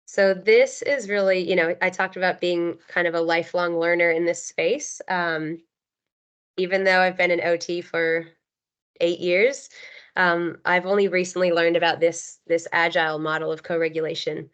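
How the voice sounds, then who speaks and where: A woman's voice: lowish voice, level tone, moderate pace, a bit bright, clean tone. A woman in her thirties, an occupational therapist, giving an earnest webinar talk with many ums and you knows. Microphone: video call. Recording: dull lo-fi video call audio.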